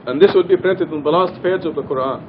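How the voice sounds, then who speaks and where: Earnest man teaching, slightly high voice. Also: fast, highs cut off, slight background noise. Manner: earnest, emphatic, repeats key points. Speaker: Quran study teacher. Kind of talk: religious study lecture. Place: mosque.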